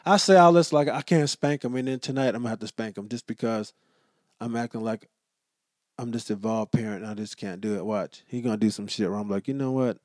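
A man's voice: fairly low pitch, fast, no room sound, clean studio sound. A young adult man hosting a podcast, talking casually and joking with a lot of profanity. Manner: profane, joking, animated storytelling. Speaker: podcast host. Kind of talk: casual solo podcast monologue.

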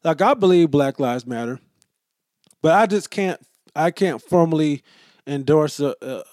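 In an unhurried, slightly high voice, the young adult host rambles through his solo podcast with profane jokes and animated storytelling. The sound is studio quality, free of echo.

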